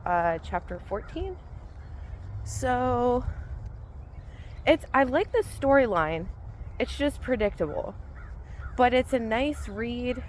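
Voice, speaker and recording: A woman and vlogger giving a relaxed, rambling spoken gratitude list while out walking in the cold. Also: mid-range voice, slight background noise, low-quality recording. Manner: relaxed, rambling, thinking aloud. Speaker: vlogger and mindset coach. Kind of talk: casual spoken gratitude journal. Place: outdoors on a cold walk.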